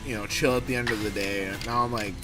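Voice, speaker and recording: A man's voice: lowish voice, fairly even intonation, fast talker. A man hosting a livestream and chatting casually, ranting animatedly and swearing freely. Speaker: livestream host. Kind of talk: casual stream chat. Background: music.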